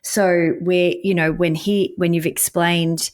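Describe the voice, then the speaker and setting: Earnest woman host, lowish voice. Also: flat delivery, slow. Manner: earnest, advocating. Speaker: podcast host. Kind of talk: reflective podcast conversation.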